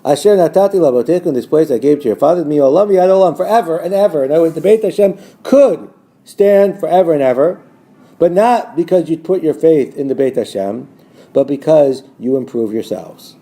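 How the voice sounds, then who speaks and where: A male teacher giving a recorded lesson on a biblical text, reading Hebrew verses slowly and translating them line by line. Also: lively intonation, warm tone. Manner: rises in pitch when quoting the false prophets' words.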